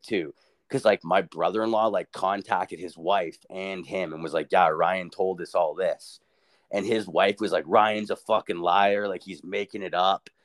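Foul-mouthed young man telling a story. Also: sits low. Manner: profane, animated, quotes people in funny voices. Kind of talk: crude casual storytelling.

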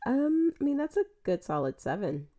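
A woman's voice: on the high side, very animated, normal speed, warm tone. A woman hosting a podcast, chatting casually, teasing her guest and laughing easily. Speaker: podcast host. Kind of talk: casual chat.

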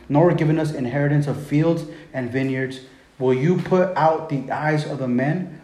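A man's voice: on the high side, normal speed, mellow. Guy preaching, reads scripture then retells it all casual, roomy echo. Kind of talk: sermon.

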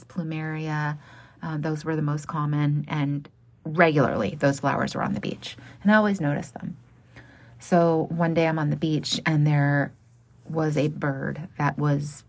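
A woman who runs a small art business tells a personal story frankly and plainly, laughing now and then between lines. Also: low-pitched.

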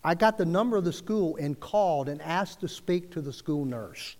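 A man tells a personal story from the pulpit, casual and conversational, with frequent restarts as he acts out each exchange. His voice sits a little high for a man. It rings out with a long hall reverb. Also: expressive, normal speed, darkish tone. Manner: conversational, quotes dialogue with restarts. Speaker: preacher telling a story. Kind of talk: sermon storytelling.

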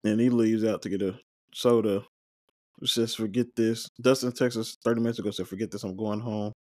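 A man hosting a watch-along, recapping scenes and reading out the characters' lines with quick joking asides. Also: fairly low pitch, steady tone, dark tone, no echo, clean studio sound. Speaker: watch-along podcast host. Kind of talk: casual recap, reading dialogue aloud.

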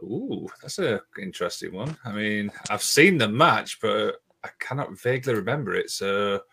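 A man's voice: fairly low pitch, expressive, moderate pace, creaky, sharp tone, slightly rough. A man hosting a podcast in casual chat, giggling and reading out viewer comments. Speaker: podcast host.

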